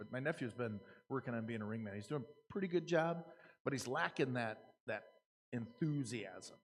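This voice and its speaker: A man's voice: medium pitch, animated, fairly quick, a little hiss or hum. Man lecturing auctioneers in an echoey hall. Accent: American. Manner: casual, repeats and restarts, earnest. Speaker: auctioneer giving a seminar talk. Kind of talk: conversational lecture to a live audience. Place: conference room. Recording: long reverb of a hall.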